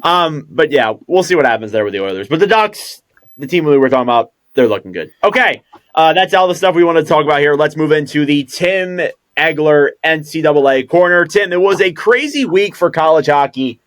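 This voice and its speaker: A man's voice: fairly high pitch, lively intonation, a little fast, dry recording, clean studio sound. Rambling male podcast host. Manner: rambling, thinking aloud. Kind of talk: casual chat.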